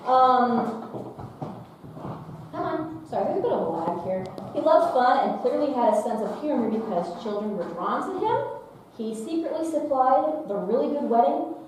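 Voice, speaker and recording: A woman's voice: sits high, animated, normal speed, darkish tone, far from the mic. A woman giving a youth workshop talk, playful and humorous, reading quotes with dramatic flair. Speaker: workshop speaker. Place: large echoing meeting room. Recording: very echoey hall, off-mic, faint hiss.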